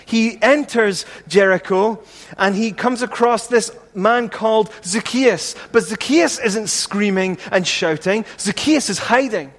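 A man's voice: high-pitched, measured pace, a bit bright, long reverb tail. A man preaching a sermon as pastor, earnest and repetitive, asking the congregation rhetorical questions.

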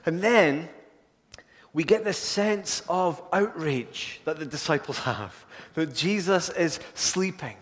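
A man preaching a sermon, earnest, building to urgent pleading and then falling soft and low. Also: lively intonation, takes it slowly. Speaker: pastor. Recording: long hall reverb.

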